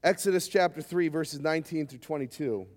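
A man preaching a sermon, emphatic and lively, sometimes acting out short quoted voices. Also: on the high side, brisk. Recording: hall reverb.

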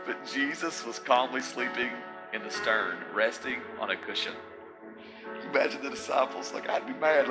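A man preaching a sermon in a conversational, animated way, mixing scripture with casual asides. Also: medium pitch, normal speed, pauses often, soft background music, low-quality recording.

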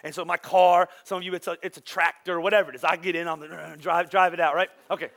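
A pastor delivers his sermon in an animated, chatty way, full of playful asides to the congregation. His voice sits high for a man and has a bright, forceful edge. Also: fast talker, creaky.

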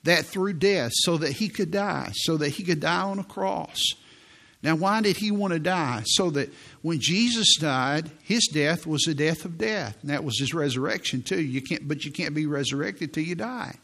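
Slow-preaching man, slightly high voice. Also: lively intonation, creaky, fairly bright tone. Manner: slow, deliberate preaching with scripture read aloud. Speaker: pastor. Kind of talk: sermon.

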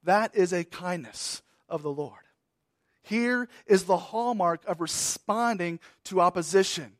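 High-voiced preacher, loud then hushed. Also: male voice, measured pace, dry recording, clean studio sound. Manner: swings between emphatic raised delivery and hushed, trailing phrases; repeats key words for emphasis. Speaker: pastor. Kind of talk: sermon.

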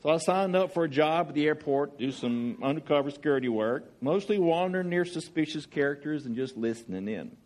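A man's voice: a little high, lively intonation, a little fast, few pauses, a little mellow, voice pushed up, lightly acted. A man voicing a boastful retired old male talking dog who spied for the government, speaking with a folksy Southern drawl.

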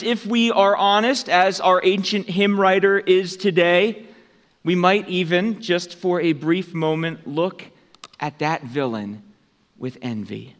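A man preaching a sermon as pastor, in an unhurried, conversational way that lifts for emphasis. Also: high voice, a bit bright. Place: church sanctuary. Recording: long church hall reverb.

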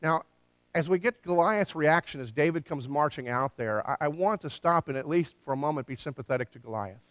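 A man delivers a sermon with a slightly higher pitch than most men, and his voice is captured dry and close with little room sound. He tells the story with animated energy and briefly acts out the quoted lines. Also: brisk, no echo. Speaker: pastor.

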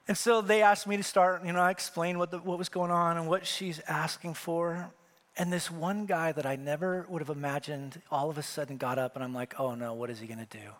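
A man's voice: fairly high pitch, fairly quick, a bit bright. A middle-aged male pastor from Wyoming preaching a sermon, telling a story and acting out the dialogue with rising emphasis.

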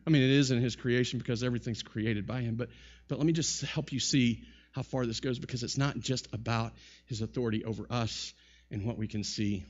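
A man's voice: medium pitch, fairly even intonation, brisk, dull audio. Emphatic man preaching a sermon. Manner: emphatic, rhetorical questions, repeats words. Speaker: pastor.

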